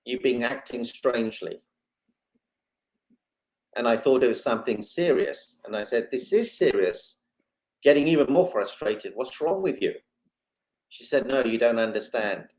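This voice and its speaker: A man's voice: medium pitch, moderate pace, rough recording. Man telling his story with drama. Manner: animated, dramatic retelling with quoted dialogue. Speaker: guest. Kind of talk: emotional storytelling.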